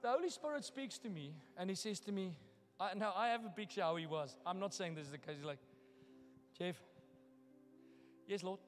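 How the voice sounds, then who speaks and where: A male pastor preaching a sermon, moving from hushed, personal storytelling to loud, daring challenges to the congregation. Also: sits high, moderate pace, pauses often, big-room sound, soft background music. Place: church hall.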